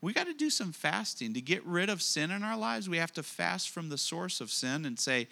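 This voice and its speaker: Man, pastor, sermon, bright voice, emphatic, repeats phrases, slows for key lines. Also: high voice, very animated, gravelly. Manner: emphatic, repeats phrases, asks the congregation questions.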